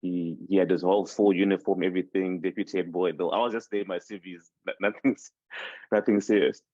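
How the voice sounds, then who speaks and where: This guest, a podcast host from Zimbabwe in his twenties and a native Shona speaker, talks casually about his life, rambling and often restarting. His low-pitched voice is steady, darkish and a little fast. The recording is dull and dry.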